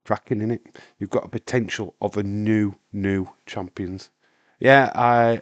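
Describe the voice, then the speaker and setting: A man, hoarse with a breaking voice, hosting a live stream in a casual, rambling chat while answering viewer comments. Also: on the low side, steady tone, a little slow, dry recording, dull audio. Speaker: wrestling stream host.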